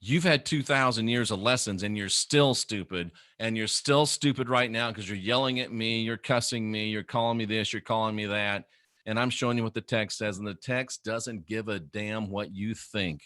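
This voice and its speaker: A middle-aged man rants straight to camera in a mocking, scornful tone. His voice is sharp and forceful, and the recording is close and dry with no room sound. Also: lowish voice, steady tone, normal speed, no echo. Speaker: former minister turned critic. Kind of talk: ranting monologue to camera.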